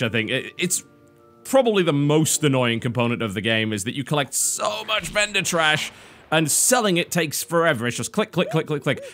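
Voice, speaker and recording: A British man talks over gameplay in a dry, sardonic tone, poking fun at himself. His pitch swings widely as he goes, and faint game music sits under the voice-over. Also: fairly bright tone. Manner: dry, sardonic, self-mocking. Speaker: game reviewer.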